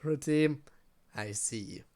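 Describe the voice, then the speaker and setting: A woman streamer chatting casually while playing a game, self-deprecating and quick to laugh. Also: a bass voice, warm tone, slight background noise. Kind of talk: casual gaming stream chat. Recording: faint game music behind.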